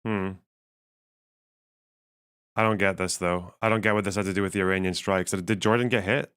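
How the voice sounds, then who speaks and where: A man live-streaming casual commentary while reading chat, his voice strained and missing its lower range, swearing and laughing as he thinks aloud. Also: steady tone, moderate pace, fairly bright tone, clear, resonant tone.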